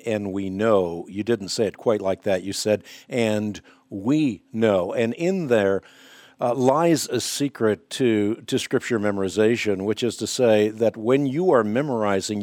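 A man hosting a radio interview, asking measured, deliberate questions. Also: fairly low pitch, darkish tone, no echo. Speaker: radio host.

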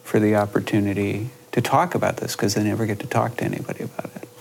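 A man, a filmmaker being interviewed, talking about his film in a reflective, halting way with many restarts. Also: on the low side, flat delivery, creaky, darkish tone. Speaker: filmmaker guest. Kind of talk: conversational interview.

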